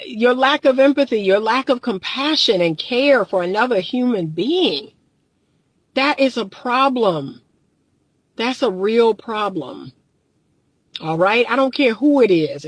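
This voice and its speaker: A woman's voice: a little high, no room sound, rough recording. A woman relationship coach speaking straight to her viewers in an earnest, emphatic way, repeating her key phrases for weight. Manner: addresses viewers as "y'all". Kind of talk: direct-to-camera monologue.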